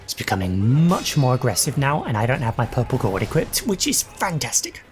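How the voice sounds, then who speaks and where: A man's voice: medium pitch, very animated, a little fast, soft background music. A young adult man casually commentating his own gameplay, swearing and reacting aloud as he fights. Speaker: gaming channel host.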